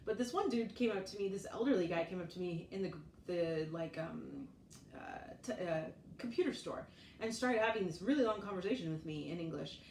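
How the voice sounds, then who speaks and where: A woman in her forties from the United States chats casually as a vlogger, telling stories, laughing often and acting out what others said. Her lowish, darkish voice is animated and fairly quick. The mic sits at a distance in an echoey room, with faint noise.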